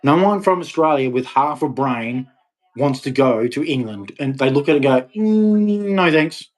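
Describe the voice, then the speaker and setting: A man delivering an impassioned, ranting monologue to camera, with sudden loud, emphatic rises. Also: mid-range voice, moderate pace. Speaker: vlogger.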